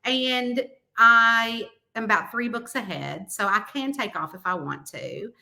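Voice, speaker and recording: A middle-aged woman with a Southern American accent, chatting lively as a guest author and laughing often. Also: on the high side, measured pace, creaky. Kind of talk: casual chat.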